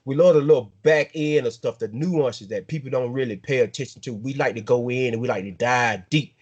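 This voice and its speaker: A sports podcast host from South Georgia, speaking fairly quickly in a mid-range voice with a Southern American drawl, runs a casual talk show. He repeats his words as he hypes up the players.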